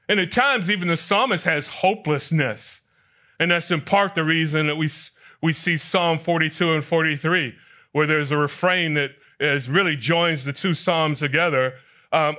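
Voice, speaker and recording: Bright-voiced man preaching. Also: fairly high pitch, normal speed. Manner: asks the congregation questions and reads scripture aloud. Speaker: pastor. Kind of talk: sermon.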